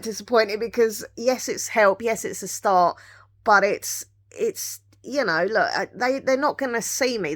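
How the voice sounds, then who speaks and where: Woman vlogger, lowish voice, rambling candid chat with lots of asides. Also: fairly bright tone. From England. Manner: rambling and confiding, with many restarts and asides. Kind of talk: candid personal chat to camera.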